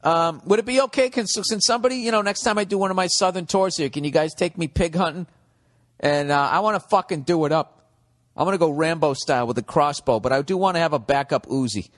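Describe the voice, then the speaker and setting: A man's voice: fairly high pitch, quick pace, long reverb tail. Man ranting profanely on a podcast. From United States. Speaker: comedian and podcast host. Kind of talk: comedic podcast monologue.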